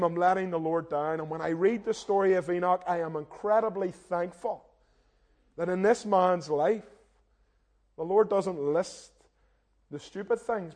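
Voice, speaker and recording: This young adult minister's voice is high-pitched and a little mellow. He preaches earnestly and directly, makes self-deprecating jokes, and frequently addresses the congregation as "guys."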